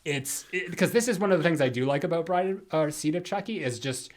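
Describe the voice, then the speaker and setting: A man's voice: on the high side, expressive, a little fast. Rambling male podcast co-host. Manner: rambling, many "like" fillers and restarts. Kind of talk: casual podcast chat.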